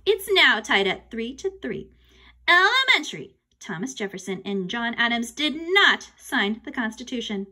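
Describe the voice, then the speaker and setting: A woman voicing an excitable grown man hosting a school quiz, announcing in a bouncy way. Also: on the high side, normal speed, exaggerated voice. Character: excitable adult male quiz host.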